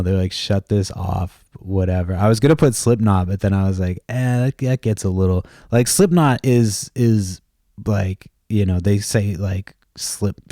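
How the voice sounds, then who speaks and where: A man's voice: low voice, mellow, dry recording, clean studio sound. A man in his thirties hosting a podcast, rambling casually with lots of cursing and laughing at his own stories. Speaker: podcast host.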